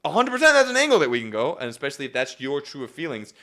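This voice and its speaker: A young man coaching comedy writing on a live stream, talking casually with lots of fillers and restarts and jumping into acted-out bits. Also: racing. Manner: animated, jumps into acted-out bits with big pitch swings; repetitive fillers (yep, okay), restarts.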